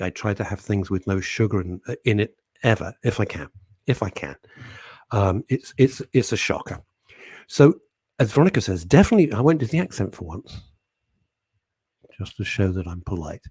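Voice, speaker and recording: A man's voice: fairly low pitch, moderate pace, husky, no echo. A man hosting a radio talk show, chatting casually and reading out listener comments by name. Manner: chatty, animated, jokey, talks to listeners by name.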